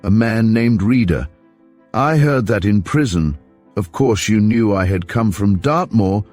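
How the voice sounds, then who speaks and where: A cold, guarded ex-convict weighing every word, as a male narrator voices him. He speaks coolly and deliberately in a very deep register, with soft music underneath. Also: expressive. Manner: cool, clipped, deliberate. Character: cold, guarded young man back from prison.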